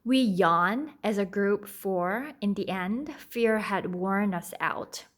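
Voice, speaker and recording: A woman, a native Korean speaker, reading a children's book aloud at an unhurried pace, stopping to explain and sometimes stumbling. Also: mid-range voice, fairly bright tone. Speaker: read-aloud tutor. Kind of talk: storybook read-aloud with explanations.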